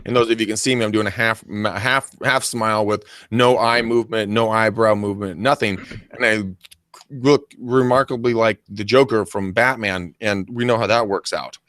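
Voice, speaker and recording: A man co-hosting a casual coaching chat, animated and acting out silly greetings as he talks. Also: on the low side, moderate pace, dry recording, studio quality. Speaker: podcast co-host.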